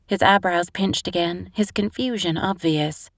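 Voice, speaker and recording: A woman's voice: deep voice, fairly even intonation, moderate pace, hardly any pauses, no room sound. A woman narrating a first-person romantic comedy audiobook on a close studio mic.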